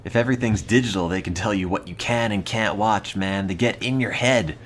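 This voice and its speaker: While streaming a game, a young American man with an East Coast accent rambles in a dry, mock-serious way. His voice is lowish and brisk, with few pauses, and there's a little hiss or hum in the recording.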